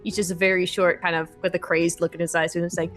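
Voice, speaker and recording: Animated woman game master. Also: on the low side, quick pace, soft background music. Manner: animated, laughing storyteller. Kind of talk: narrating a tabletop game.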